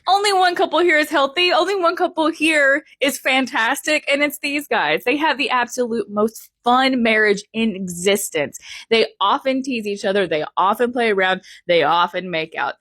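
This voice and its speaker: A woman's voice: on the high side, normal speed, a bit bright, no room sound. A young woman vlogger giving playful, emphatic opinion commentary, with lots of exaggeration.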